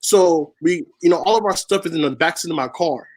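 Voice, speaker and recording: A spoken word poet, born in Haiti and raised in Washington State, tells a personal story as an interview guest. He's earnest and repeats phrases for emphasis. His voice is on the high side and brisk, and the recording is low quality.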